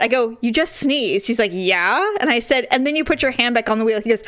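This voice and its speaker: A woman's voice: a little high, fast, few pauses, a bit bright, no room sound. A middle-aged woman telling a story in casual chat, acting out the quotes and laughing often.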